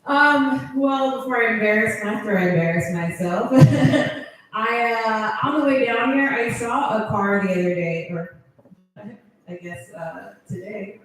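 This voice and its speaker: A woman's voice: a little high, measured pace, slight background noise. Rambling, self-mocking female stand-up. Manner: self-deprecating, rambling, laughs at own jokes. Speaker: stand-up comedian. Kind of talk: stand-up comedy set. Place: comedy club. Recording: very echoey club room.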